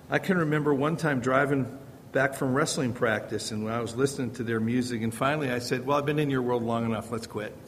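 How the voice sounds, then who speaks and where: A middle-aged man giving an informal Bible-based parenting lesson, talking conversationally and repeating rhetorical questions. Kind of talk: informal teaching talk. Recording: reverberant hall with faint rumble.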